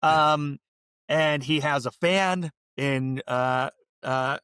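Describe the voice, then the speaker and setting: A man's voice: fairly high pitch, very slow, fairly bright tone, clean tone, dry recording. A man co-hosting a casual film podcast, telling stories in a rambling, laid-back way with lots of fillers. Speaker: podcast co-host.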